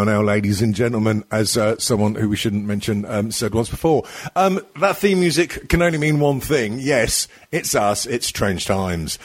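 A man in his thirties hosting a casual comedy podcast, rambling and crude with frequent laughs. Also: lowish voice. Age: 30s. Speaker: podcast host.

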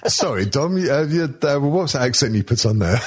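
A man co-hosting a comedy podcast, talking in a halting way with lots of ums, restarts and swearing. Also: mid-range voice, lively intonation, slightly rough. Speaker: podcast co-host. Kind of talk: casual comedy chat.

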